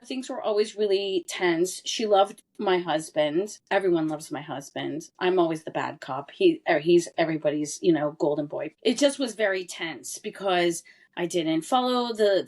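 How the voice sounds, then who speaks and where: A woman's voice: fairly low pitch, a little mellow. A woman in her forties, a podcast guest telling a personal family story in an earnest, candid and emphatic way. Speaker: interview guest. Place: lived abroad in Europe.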